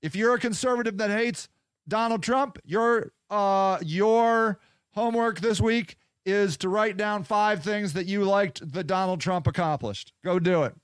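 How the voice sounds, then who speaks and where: A man hosting a podcast, delivering a profane, combative political rant that swings between loud jabs and muttered asides. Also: sits high, measured pace, clean tone, no room sound, clean studio sound. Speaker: podcast host.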